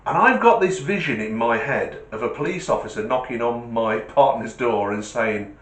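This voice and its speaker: A middle-aged man telling a comic anecdote in an animated, self-mocking way. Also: medium pitch, moderate pace. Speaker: storyteller, test driver. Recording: roomy echo.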